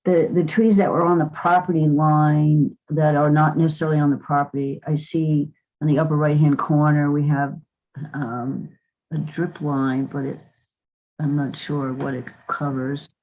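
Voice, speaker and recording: A woman's voice: deep voice, little pitch movement, moderate pace, darkish tone, a little hiss or hum, low-quality recording. A woman chairing a planning board meeting in a chatty way, with frequent chuckles and fillers. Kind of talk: meeting chat.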